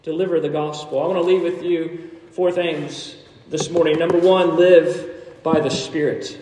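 A high-pitched man preaching a sermon in a church sanctuary. He delivers it animatedly, pushing to near shouts and slipping in quick jokes. The sound carries a long hall echo from some distance off the mic. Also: fairly even intonation. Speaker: pastor.

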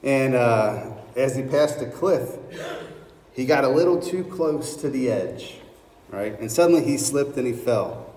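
A man's voice: mid-range voice, lively intonation, a little slow, mellow, slight background noise. A man preaching a sermon as a pastor, telling a story and often checking in with a "right?". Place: large hall. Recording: echoey hall, mic far off.

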